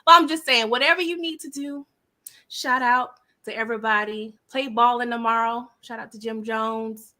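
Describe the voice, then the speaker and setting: New woman panelist, playful and lively, high and bright. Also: normal speed. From Harlem, New York City. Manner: playful, animated, mock acceptance speech. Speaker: panel guest. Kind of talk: casual panel chat.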